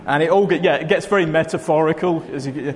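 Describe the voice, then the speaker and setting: A man's voice: fairly high pitch, fast talker. A Scottish man giving a sermon in a conversational way, with dry humour. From Scotland. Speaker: preacher. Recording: long hall reverb.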